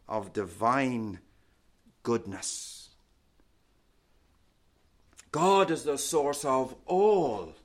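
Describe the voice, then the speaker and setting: A man delivers a sermon at an unhurried, deliberate pace. His voice sits a little higher than most men's and leans hard on each key word. Phrases often settle into a low, soft close. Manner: slow, emphatic, drops to a low soft close on key words. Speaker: preacher.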